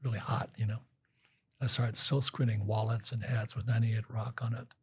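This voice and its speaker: A man's voice: on the low side, flat delivery, moderate pace, breathy edge. An older man telling rambling stories in a casual interview, acting out quotes with frequent restarts. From Hawaii. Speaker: guest.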